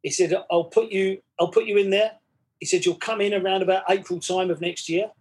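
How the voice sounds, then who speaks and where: A man's voice: high voice, fairly even intonation, brisk, darkish tone. A man, chatting as a podcast guest and acting out both sides of old conversations. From England. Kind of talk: casual storytelling chat.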